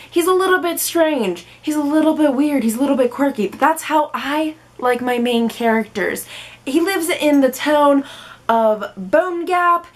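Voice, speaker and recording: A young woman in her twenties, chatting to the camera about books in a bubbly, playful way and slipping into silly voices. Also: high voice. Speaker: book vlogger. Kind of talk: casual chat to camera.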